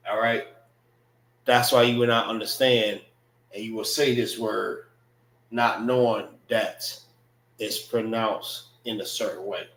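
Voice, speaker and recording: A man teaching a language class, drilling pronunciation syllable by syllable in a loose, conversational way. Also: on the low side. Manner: loose, conversational phrasing with frequent "know what I mean". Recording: roomy echo.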